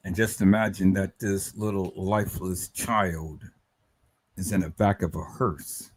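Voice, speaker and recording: Low-voiced and slightly rough, a man hosts a livestream at a measured pace with fairly even intonation. He talks emotionally and emphatically, repeating words and stammering as he speaks to viewers he calls "people".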